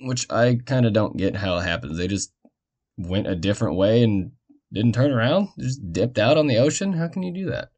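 A man's voice: fairly low pitch, animated, normal speed, a little mellow. A man hosting a history storytelling podcast, narrating casually with jokey, rambling asides and muttered side remarks.

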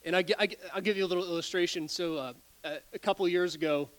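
A pastor in his forties delivers a sermon in a notably high voice for a man. He tells stories with animated energy, trips over his own words, restarts phrases and breaks into laughter. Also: rapid-fire. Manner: animated storytelling, stumbles and repeats words, laughs often.

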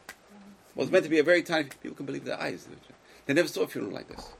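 Gravelly-voiced man teaching a class. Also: mid-range voice, sing-song, fast, rough recording. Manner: emphatic, swings between loud exclamations and quiet asides; questions the listeners directly. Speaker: Torah teacher. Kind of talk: lecture to a live class.

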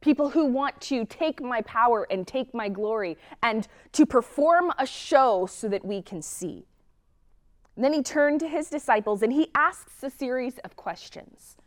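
Woman, preacher, earnest sermon delivery, rhetorical questions, somewhat high voice.

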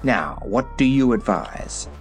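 A man's voice: mid-range voice, sing-song, takes it slowly. A man doing a roaring, angry gnome king. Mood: grumbling. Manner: shouting, roaring commands. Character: angry old male gnome king, ruler, tyrant.

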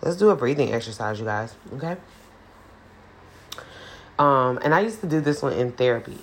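Woman podcast host, low voice, playful and profane, laughs a lot. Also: expressive, normal speed, a little hiss or hum. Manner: chatty and playful, laughs often, swears casually. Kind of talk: casual solo podcast chat.

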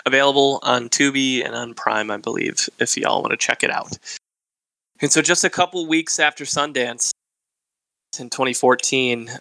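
Casual podcast host guy, bit of fry in the voice, bright, talks loose with lots of "like" and "um". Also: medium pitch, no room sound, low-quality recording. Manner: conversational, recounts facts with filler words.

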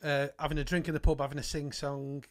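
A man hosting a rugby podcast, asking questions and sharing relaxed anecdotes in casual chat. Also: a little high, quick pace, no room sound, clean studio sound. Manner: relaxed, chatty, trails off quietly. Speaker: podcast host. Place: podcast studio.

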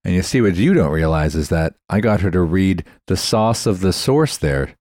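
A Canadian tech podcast host speaks in a deep, darkish, animated voice at a moderate pace, explaining things chattily and often spelling words out letter by letter. The studio-quality recording is dry.

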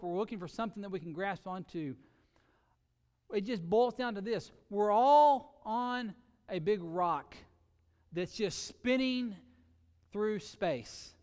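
A man preaching a sermon earnestly, with sudden shifts between loud emphasis and quiet, drawn-out words. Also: sits high, big-room sound. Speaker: pastor.

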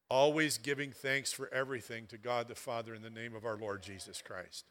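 A man preaching a sermon as pastor, moving from loud, emphatic passages to quiet, conversational asides. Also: medium pitch, steady tone, brisk, few pauses.

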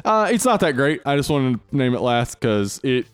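A man co-hosting a podcast in casual chat, jokey and quick to laugh. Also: medium pitch, sing-song, clean tone, no echo, faint music behind. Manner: jokey, laughs often, puts on silly voices. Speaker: podcast co-host.

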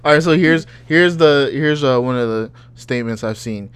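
A man's voice: medium pitch, moderate pace, clean tone. A man co-hosting a casual podcast chat, loose and profane, joking and reacting with disbelief. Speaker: podcast co-host.

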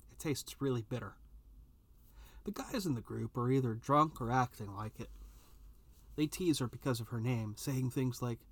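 A man's voice: mid-range voice, no room sound. Man narrating a first-person story.

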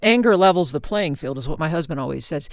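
A woman's voice: low voice, lively intonation, fast, no room sound, studio quality. A woman host speaking directly to listeners, giving advice in a conversational way. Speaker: podcast host.

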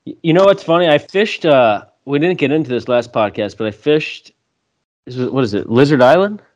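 A young man chatting as a podcast guest, relaxed, laughing often and swearing freely. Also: medium pitch, brisk, dull audio. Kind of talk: casual conversation.

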